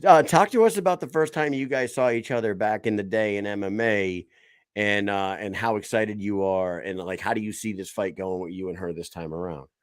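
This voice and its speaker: Podcast host, male, lowish voice, loose and profane, acts out quotes, dry close sound. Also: a little fast, dry recording. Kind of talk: casual interview chat.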